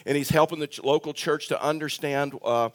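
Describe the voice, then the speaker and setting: Male pastor, fairly high voice, earnest, conversational sermon, reads scripture aloud. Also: steady tone, fairly quick.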